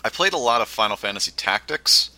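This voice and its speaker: A man with a very bright, forceful voice talks games in a loose, casual chat. His pitch sits a little low, and he laughs easily and swears offhandedly. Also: sing-song, brisk, no echo. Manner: laid-back, laughs often, swears casually.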